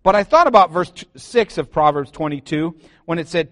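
A man preaching to his church, animated and joking, calling out to the congregation for responses. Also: on the high side, brisk. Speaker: pastor. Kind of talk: sermon. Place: church sanctuary.

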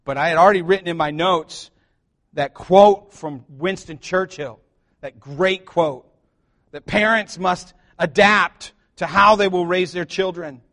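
A middle-aged man preaching a sermon as pastor, joking and shifting between loud emphasis and quiet asides. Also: high-pitched, a little slow.

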